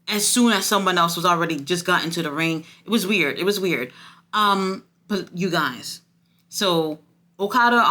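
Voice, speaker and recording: A woman reviewing a wrestling show in a casual, excitable chat, swearing freely and gushing with lots of fillers. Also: lowish voice.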